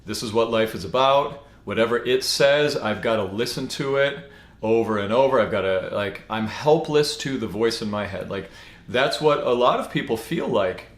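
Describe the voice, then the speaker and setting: A man giving a casual spoken teaching, relaxed and rambling, with many fillers and restarts. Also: mid-range voice, normal speed. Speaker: spiritual teacher. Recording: echoey room.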